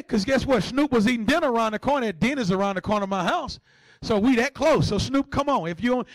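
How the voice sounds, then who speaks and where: High-pitched guy preaching, jokey, goes from shouting to almost whispering, dry close sound. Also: dry recording. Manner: animated, joking, swings between shouting and hushed asides. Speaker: pastor. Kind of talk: sermon.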